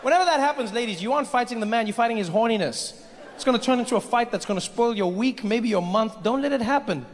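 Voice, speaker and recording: A man performing a stand-up comedy set before a live audience in a large theater, animated, dropping into mock voices. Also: very high-pitched, fast talker. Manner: animated, slips into mock voices and shouted impressions. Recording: live hall reverb with light noise.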